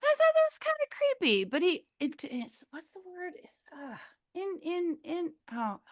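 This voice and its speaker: Middle-aged woman, from Minnesota, high voice, rambling storyteller, acts out what people said. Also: a little slow. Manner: rambling, animated, searches for words, acts out quotes. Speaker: podcast guest. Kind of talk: casual storytelling.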